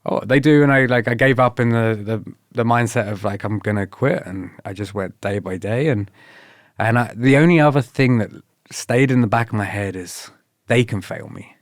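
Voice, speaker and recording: A man's voice: on the low side, moderate pace, no echo, studio quality. A man with a British accent, a podcast guest telling stories in a casual, laid-back way and quoting others with bursts of energy. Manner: laid-back, laughs often, quotes others in lively bursts. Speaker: podcast guest, former paratrooper. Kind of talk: casual storytelling interview.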